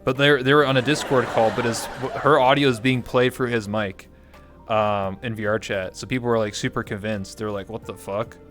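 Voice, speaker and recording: A man's voice: medium pitch, steady tone, brisk, fairly bright tone, faint music behind. A man hosting a livestream, chatting casually in a rambling, jokey way. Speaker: livestream host. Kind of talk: casual chat.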